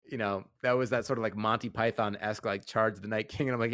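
A man's voice: lowish voice, fairly even intonation, fast talker, fairly bright tone, no echo, studio quality. A man in casual chat recapping a TV episode, rambling and enthusiastic with lots of fillers.

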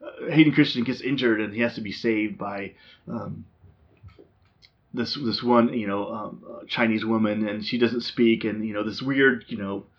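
A man's voice: on the low side, steady tone, moderate pace. A man hosting a casual movie chat, rambling with lots of ums and restarts. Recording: dull lo-fi sound.

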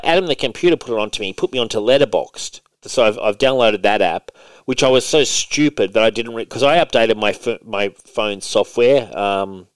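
A man's voice: lowish voice, clear, resonant tone, no room sound. A man from Australia hosting a casual podcast chat, joking and easygoing as he leads the talk. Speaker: podcast host.

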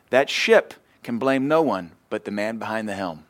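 A man's voice: on the low side, lively intonation, moderate pace, hardly any pauses. A man, preaching a sermon in church and joking and laughing at his own stories. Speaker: pastor.

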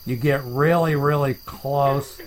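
A man hosting a comedic chat show, rambling deadpan and making up silly words. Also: medium pitch, slow, poor audio. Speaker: podcast host.

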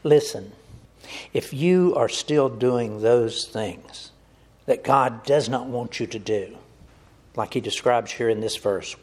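A man's voice: medium pitch, slow pace, darkish tone, breathy edge. A man preaching a sermon, earnest and direct, addressing his listeners as folks.

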